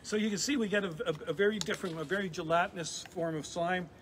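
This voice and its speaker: A middle-aged man with a fairly high voice runs a lively live science demonstration for kids, chatting as he works and restarting his sentences. He is a chemistry professor. A steady noisy hiss sits under the recording. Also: quick pace.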